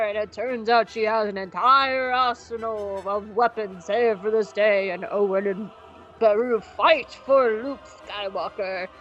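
A woman co-hosting a podcast, recapping in casual chat that is rambling and jokey, with quick asides. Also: medium pitch, a bit bright, highs cut off. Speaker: podcast co-host.

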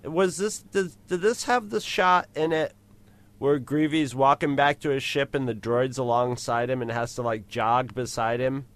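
A man's voice: medium pitch, steady tone, normal speed. Laid-back man podcast co-host. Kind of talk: casual chat.

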